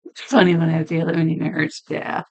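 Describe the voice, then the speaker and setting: A woman streamer chatting casually with her viewers, her voice deep and hoarse from being sick, laughing often. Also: little pitch movement, fast talker. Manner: chatty, laughing, talks to chat by name. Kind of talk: casual chat reading stream chat.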